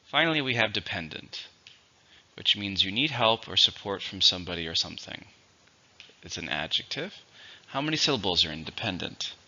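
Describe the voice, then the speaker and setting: Low-voiced guy teaching english words, slow clear dictation, kinda muffled lo-fi audio. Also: big pitch swings, pushed and bright. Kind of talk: vocabulary lesson. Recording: dull lo-fi recording.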